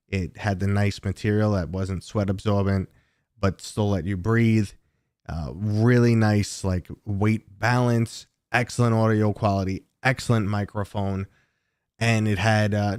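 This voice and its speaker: Low, smooth-voiced New York man. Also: no echo, studio quality. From New York City. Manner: talkative, relaxed and chatty. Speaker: livestream host. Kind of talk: casual livestream chat with viewers.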